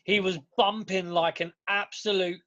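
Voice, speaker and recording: High-voiced man, sweary banter. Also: level tone, measured pace, fairly bright tone. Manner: swears a lot, stammering restarts. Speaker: podcast co-host. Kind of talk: casual chat. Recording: dull lo-fi podcast audio.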